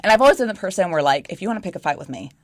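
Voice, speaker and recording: A young woman hosting a podcast, telling a story in casual chat, blunt and animated with lots of "like". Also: fairly low pitch, racing, dry recording. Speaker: podcast host.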